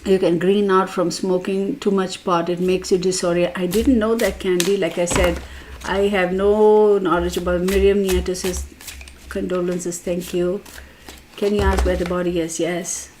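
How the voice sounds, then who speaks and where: A woman's voice: fairly low pitch, steady tone, normal speed, darkish tone, a little hiss or hum. A woman hosting a tarot live stream, chatting casually, rambling through a story and reading out viewer comments. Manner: laughs as she tells a personal story.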